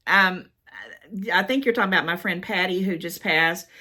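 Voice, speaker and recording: A woman's voice: fairly low pitch, normal speed, sharp tone. A middle-aged American woman chatting casually as she reads fan mail aloud, gushing and emotional, often repeating her words. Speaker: haul vlogger.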